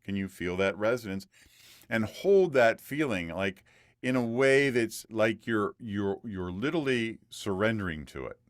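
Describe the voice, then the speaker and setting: A man's voice: on the low side, animated, measured pace, no room sound, studio quality. A man coaching a student through a one-on-one voice lesson, patient and demonstrative, repeating points for emphasis.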